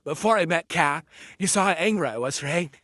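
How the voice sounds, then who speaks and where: A man speaks earnestly in a casual, slightly halting way. His voice is bright and somewhat high. The recording is close and dry. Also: animated, dry recording. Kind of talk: casual heartfelt talk.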